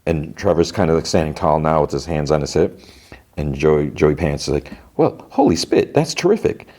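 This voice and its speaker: A man's voice: rumbling low, level tone, normal speed, a little mellow. A man hosting a podcast, chattily retelling a show's scenes in a casual recap. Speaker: podcast host.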